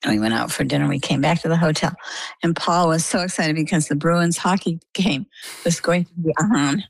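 Older woman, low gravelly voice, chatty storyteller, dry close sound. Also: a little fast, dry recording. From Maine. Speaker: interview guest. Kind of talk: casual storytelling.

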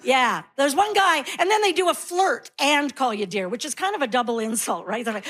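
Woman comic, 50s, high voice, sassy and mocking delivery. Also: big pitch swings, a little fast, few pauses, a bit bright. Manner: sassy, playful, mocking impressions. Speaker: stand-up comedian. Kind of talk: stand-up comedy set.

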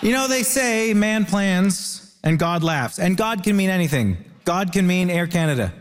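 A man's voice: high-pitched, normal speed. A man from Ontario doing stand-up style banter as a comedy panelist, wry and rambling, on stage before a live audience. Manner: wry, rambling, deadpan jokes. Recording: roomy hall with live audience and noise.

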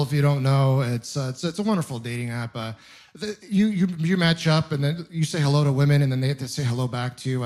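A man's voice: on the high side, a little mellow. A young adult man doing a stand-up comedy set on stage, rambling and self-deprecating, with punchy storytelling. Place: comedy club stage with laughing audience.

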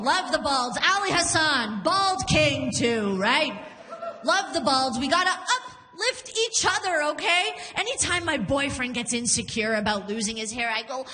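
A woman in her thirties doing stand-up, with a high, bright voice. She is animated and punchy and laughs through her lines, and a long hall reverb trails behind her. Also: measured pace. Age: 30s. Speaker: stand-up comedian. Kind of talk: stand-up comedy set.

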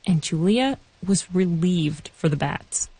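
Low-voiced woman narrating a documentary. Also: lively intonation, warm tone, dry recording, rough recording. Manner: measured, clear storytelling delivery. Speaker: reporter.

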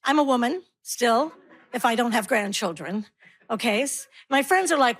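A woman in her sixties performing stand-up comedy with a wry, punchy delivery and quick asides. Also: fairly high pitch, animated, slightly rough. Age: 60s.

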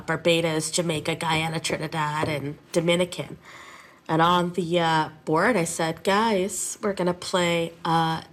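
A woman music teacher telling chatty, animated stories in a radio interview. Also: lowish voice.

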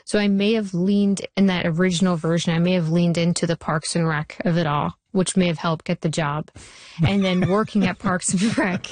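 Tv writer lady chatting in an interview, lively story-telling, lowish voice, dry close sound. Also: moderate pace, no echo. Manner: animated, anecdotal storytelling. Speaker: television writer and showrunner. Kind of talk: interview conversation.

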